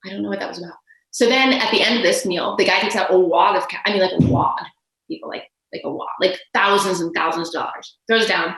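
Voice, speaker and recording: A woman's voice: mid-range voice, fast, a bit bright. A woman guest telling rambling anecdotes in casual chat, with lots of fillers. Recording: echoey room.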